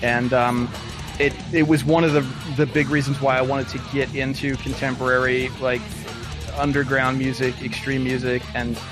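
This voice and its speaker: A man from Philadelphia talking as a podcast guest, with a mid-pitched voice. He is earnest and keen, and keeps restarting his sentences while he gushes. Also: level tone, over music. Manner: earnest, enthusiastic, halting restarts. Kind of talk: casual chat.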